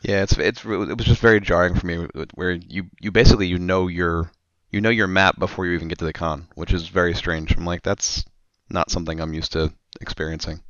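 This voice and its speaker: Fast-talking deep-voiced co-host, muffled mic. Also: male voice, steady tone, fairly bright tone, no echo. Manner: quick, repeats himself. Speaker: podcast co-host and event organizer. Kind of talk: casual roundtable chat.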